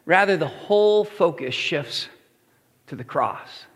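A man's voice: on the high side, lively intonation, slow. Dynamic preaching man in a hall. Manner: dynamic preaching, swings from hushed to shouting. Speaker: pastor. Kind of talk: sermon.

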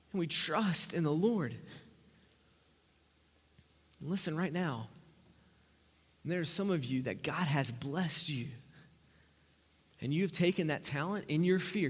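A man preaching a sermon, emphatic, swinging from loud rising lines to quiet low asides. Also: animated, unhurried, long pauses, slightly rough, long reverb tail.

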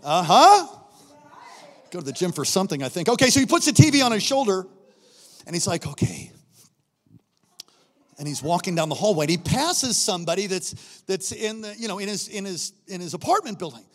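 Male preacher, high voice, animated storyteller who acts out voices; sermon style, long hall reverb. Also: fast. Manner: animated storytelling, acts out characters, shifts between quiet asides and shouting.

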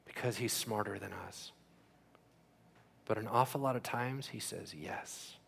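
A man preaching a sermon as pastor, asking the crowd questions and acting out quick voices. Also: fairly low pitch, gravelly, a bit bright, a little hiss or hum.

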